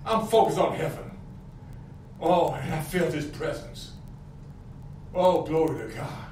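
Pastor, middle-aged man, high voice, fervent preaching style, recorded at a distance in a church. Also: expressive, unhurried, darkish tone. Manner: fervent preaching with call-and-response questions. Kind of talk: sermon. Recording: echoey, from a distance, faint room noise.

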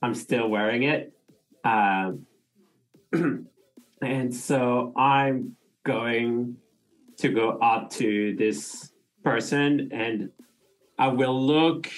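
A man playing a tabletop role-playing game, thinking aloud in halting, unfinished sentences. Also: medium pitch. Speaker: player. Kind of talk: casual game talk.

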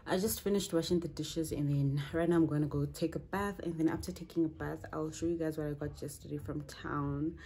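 A young woman chatting casually to her phone camera at home, talking to viewers in a lively, exasperated way. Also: deep voice, husky, low-quality recording. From South Africa. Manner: chatty, exasperated, quick laughs. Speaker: vlogger. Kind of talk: casual vlog chat. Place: home indoors. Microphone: phone held at arm's length.

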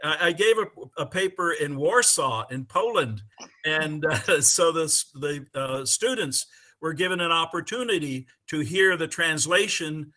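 A middle-aged man, speaking over a video call as a conference panelist. His voice sounds slightly high and very bright. He talks haltingly, with many fillers, but he stays eager and enthusiastic. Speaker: conference panelist and English teacher. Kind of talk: conversational answer on a video call.

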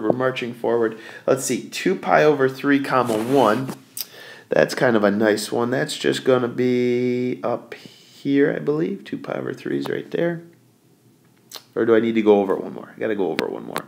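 A man teaches a math lesson in a mid-pitched voice, working through each point aloud as he draws. He pauses to catch and correct his own slips. Faint hiss and small clicks sit behind the recording. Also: gravelly. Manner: talks while drawing, corrects himself and thinks aloud.

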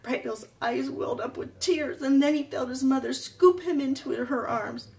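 A woman reading a children's chapter book aloud in an expressive, animated way. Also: high-pitched, moderate pace, far from the mic, rough recording.

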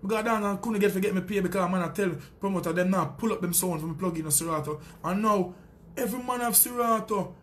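Man, Jamaican accent, high voice, sound system selector, boastful taunting rant, profane. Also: quick pace. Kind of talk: heated callout rant.

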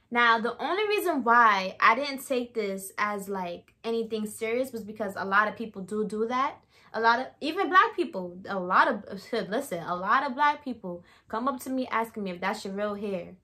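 Bright, animated young woman storyteller. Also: fairly high pitch, moderate pace. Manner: animated, emphatic, laughing asides. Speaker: vlogger. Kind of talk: storytime vlog.

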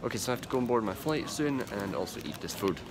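A man's voice: medium pitch, lively intonation, quick pace, background noise. A young man vlogging casually from an airport, chatty and rambling with lots of fillers and restarts. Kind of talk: casual travel vlog. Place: airport departure area, indoors.

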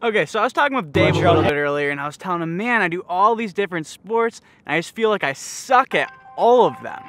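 A young man talking casually to the camera as an outdoor-sports vlogger, excited and laid-back, full of "like" and "dude". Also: high-pitched, fast talker, soft background music. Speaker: vlogger and speed flyer. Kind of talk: casual vlog talk to camera. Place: outdoors on a mountain.

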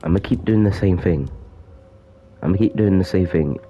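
A man's voice: sits low, moderate pace, muffled recording. A man giving joking commentary as he plays a horror game, talking to the character chasing him. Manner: jokey, talks to the game's villain. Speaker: gaming YouTuber.

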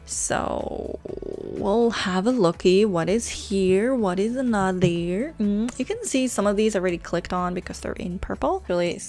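A woman's voice: medium pitch, lively intonation, measured pace, a little mellow, soft background music. A woman hosting a casual screen-recorded tutorial, chatty and rambling with a self-teasing manner, talking into a desk microphone. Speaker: gaming channel host.

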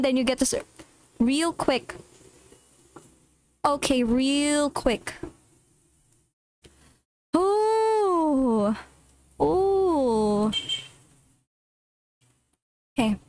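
A woman's voice: sits high, lively intonation, extremely slow, long pauses, darkish tone, slight background noise. A woman streaming a horror game, panicking and repeating herself as she talks to her chat. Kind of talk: live horror game commentary.

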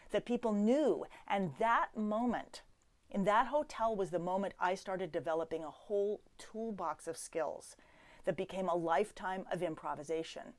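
A middle-aged woman, a harpist, telling a personal story to the camera, swinging between loud emphasis and hushed asides. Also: mid-range voice.

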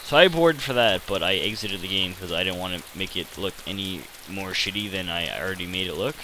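Rambling low-voiced male gamer. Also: brisk, bright, forceful tone, slight background noise, poor audio. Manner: hesitant, self-deprecating, many fillers. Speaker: gaming channel host. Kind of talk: rambling gameplay commentary.

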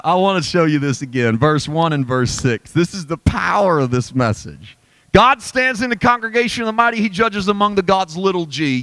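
A man preaching a sermon at a church Bible study, emphatic and folksy, dropping to low asides and climbing to high exclamations. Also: fairly bright tone, no echo. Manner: folksy, self-deprecating humor. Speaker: pastor.

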